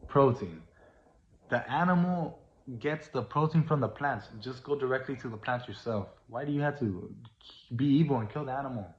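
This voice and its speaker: Preachy man in an echoey room. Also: medium pitch. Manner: preachy, earnest, repetitive, rising to emphatic. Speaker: vlogger. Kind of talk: casual monologue. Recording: roomy, dull lo-fi sound.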